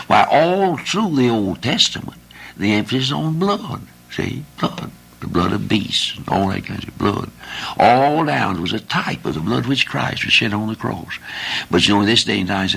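A man's voice: mid-range voice, very animated, moderate pace, gravelly, pushed and bright, breathy edge. An older man preaching a folksy sermon, repeating his points and asking the congregation questions.

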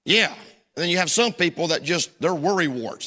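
A preacher delivers his sermon in a high, sharply bright voice. He swings his pitch all over the place and punches out shouted lines. A long reverb from the church sanctuary trails behind him. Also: animated, normal speed. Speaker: pastor.

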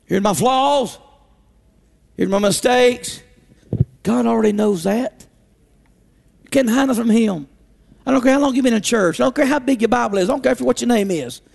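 High-voiced, gravelly man preaching passionately. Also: normal speed, long pauses, long reverb tail. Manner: impassioned, repetitive, swings between shouting and hushed pleading. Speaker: preacher at a revival. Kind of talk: sermon. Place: church auditorium.

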